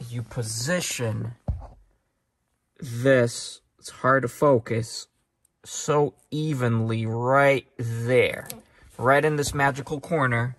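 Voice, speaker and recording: A man's voice: mid-range voice, steady tone, slow pace, a bit bright. A man hosting a casual car tutorial vlog, chatty and sarcastic, with lots of ums. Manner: sarcastic, joking; chatty with many fillers. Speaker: car channel host.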